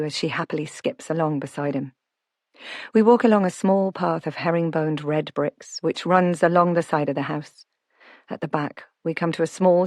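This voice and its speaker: A woman narrating a novel in first person, reading in a calm, reflective way. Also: on the low side, no room sound, clean studio sound. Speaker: audiobook narrator.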